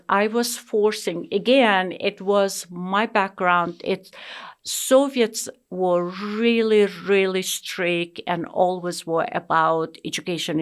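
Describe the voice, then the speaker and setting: A middle-aged woman from Russia, speaking English with a Russian accent, tells her story in an interview. She talks slowly and earnestly, with emphatic stresses, fillers and restarts, her voice sitting at an ordinary middle pitch.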